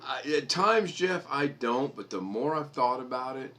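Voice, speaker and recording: A man's voice: animated, unhurried, sharp tone, slight background noise. A middle-aged man hosting a live stream, chatting casually and bluntly, acting out the people in his stories. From United States. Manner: blunt storyteller, mimics people in high voices. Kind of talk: casual chat.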